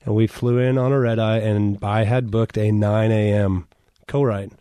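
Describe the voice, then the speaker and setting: A man's voice: on the low side, fairly even intonation, moderate pace, warm tone, smooth, no echo, studio quality. A man, a country singer guest, telling stories in a chatty, joking way. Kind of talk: casual interview storytelling.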